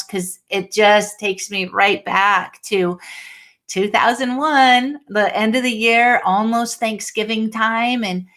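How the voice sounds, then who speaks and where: Middle-aged woman, unhurried guest speaker, earnest storyteller on a video call. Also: medium pitch, fairly bright tone. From Washington state, USA. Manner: earnest, laughs often. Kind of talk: personal storytelling.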